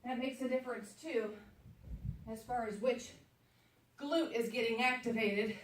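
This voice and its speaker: A higher-pitched woman leads a workout while exercising along, chatty and encouraging as she counts down the reps. She sounds a fair way from the mic, in an echoey room at home. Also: unhurried, recorded from a distance. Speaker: fitness instructor.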